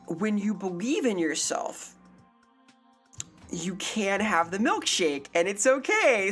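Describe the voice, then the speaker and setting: A woman's voice: medium pitch, sing-song, slow pace, a bit bright, breathy edge, soft background music. A young woman streaming live, chatting casually in a playful, rambling, jokey way and reading chat aloud. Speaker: variety streamer.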